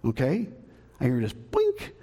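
A middle-aged man with a Southern American accent, preaching as a pastor and telling a story with acted-out shouts and sounds. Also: medium pitch, unhurried, slightly rough, big-room sound. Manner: animated, acts out shouts and sounds, chuckles at his own jokes. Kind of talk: storytelling sermon. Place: church sanctuary.

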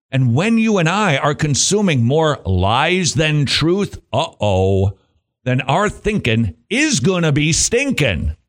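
A man hosts a Christian talk radio show, his pitch swinging widely as he jokes his way through a monologue. He laughs often and throws in playful asides between points.

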